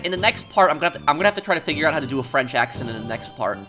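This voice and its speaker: A man's voice: a little high, expressive, very fast, few pauses, pushed and bright, soft background music. A man hosting a let's play, chatty and explaining at length with many fillers and restarts. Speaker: gaming video host.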